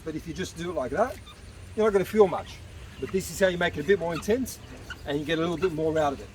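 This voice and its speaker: Slightly breathless fitness coach outdoors. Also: male voice, high-pitched, a little mellow. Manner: encouraging, talks to viewers while exercising. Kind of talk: casual workout demonstration. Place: outdoor beach park. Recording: distant outdoor mic with traffic noise.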